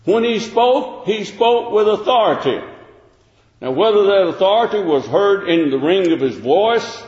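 A man's voice: high voice, a little mellow. Preacher man in an echoey hall. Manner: plain-spoken, repeats himself, reads King James verses aloud. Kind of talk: sermon. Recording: echoey hall, dull lo-fi sound.

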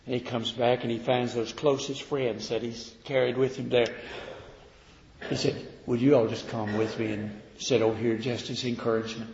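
A man preaching a sermon, swinging from loud declaiming to quiet, slow emphasis. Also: mid-range voice, little pitch movement, slight background noise. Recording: echoey hall, dull lo-fi sound.

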